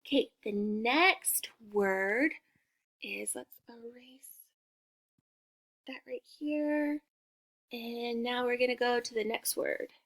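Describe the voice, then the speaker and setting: A woman teacher giving a slow phonics lesson for young children, sounding out letters with exaggerated care and praising the listener. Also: fairly high pitch, fairly bright tone.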